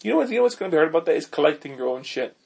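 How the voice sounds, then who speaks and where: A man's voice: a little high, big pitch swings, very fast, creaky, darkish tone, breathy edge. A young man co-hosting a podcast, rambling through crude jokes and laughing at his own lines. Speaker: podcast co-host. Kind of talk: casual podcast banter.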